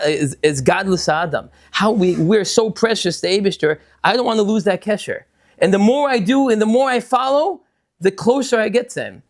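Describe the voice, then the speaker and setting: A man, a rabbi and yeshiva teacher, giving an earnest, emphatic Torah talk in a synagogue, his pitch rising and dropping often. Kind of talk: Torah talk to a study group.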